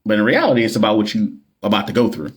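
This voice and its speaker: Laid-back low-voiced man on a livestream. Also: lively intonation, rapid-fire, husky. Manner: loose, slangy and joking, with many fillers and repeats. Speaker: nurse and NCLEX coach hosting a livestream. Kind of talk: casual livestream chat with viewers. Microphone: phone livestream.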